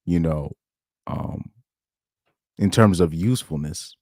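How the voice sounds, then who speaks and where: A man hosting a podcast, reacting to screenshots in a rambling, animated way, often laughing and jumping up in pitch when amazed. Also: takes it slowly, dry recording, studio quality. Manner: rambling, with frequent restarts. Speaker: podcast host. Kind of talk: casual commentary reading screenshots.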